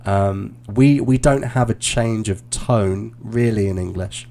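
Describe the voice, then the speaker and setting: A male English teacher giving relaxed, encouraging feedback on a mock speaking test over a live stream, with frequent fillers and restarts. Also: lowish voice, slow pace, gravelly. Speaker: IELTS teacher and examiner.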